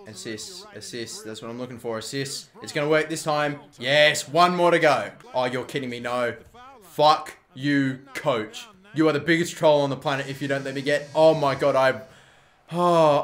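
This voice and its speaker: A man hosting a gaming video, giving excitable live commentary while he plays and swearing often at the game. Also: mid-range voice, brisk.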